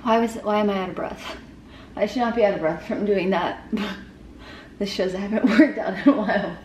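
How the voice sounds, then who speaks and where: A woman's voice: mid-range voice, brisk, darkish tone, a little hiss or hum. A young woman in a casual vlog, talking to herself as she gets ready, rambling and cursing freely. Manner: chatty, rambling, swears freely. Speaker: vlogger. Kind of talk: casual vlog self-talk. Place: at home, indoors. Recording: roomy indoor sound.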